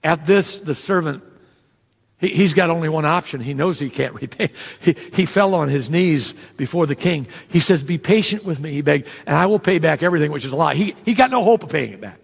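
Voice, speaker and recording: Gravelly high-voiced preacher in a reverberant hall. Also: male voice, animated, normal speed. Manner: conversational preaching with asides and quoted dialogue. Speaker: pastor. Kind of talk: sermon.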